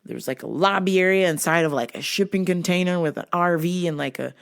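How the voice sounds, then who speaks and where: A woman's voice: on the low side, quick pace, gravelly. A woman hosting a podcast, telling profane, joking stories in a casual comedic monologue and acting out sounds and voices. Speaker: podcast host.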